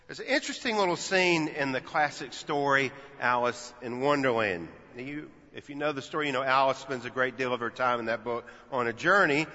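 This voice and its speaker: A man's voice: fairly high pitch, bright, forceful tone. A man in his fifties, a pastor from Texas, preaching a sermon in a church sanctuary with folksy storytelling and playful asides. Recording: dull audio with long church reverb.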